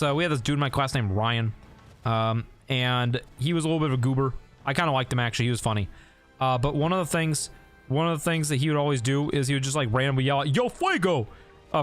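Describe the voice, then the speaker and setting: A man's voice: a little high, fairly bright tone. A young man streaming while he plays a game, chatting loosely with viewers, often sidetracked and laughing at his own stories. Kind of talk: casual live-stream chat while gaming.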